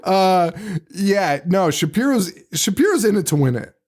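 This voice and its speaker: A man's voice: sits high, moderate pace. A man in his thirties hosting a podcast, chatting casually about a film, laughing often and acting out lines. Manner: animated, laughs often, acts out quotes. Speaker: podcast host.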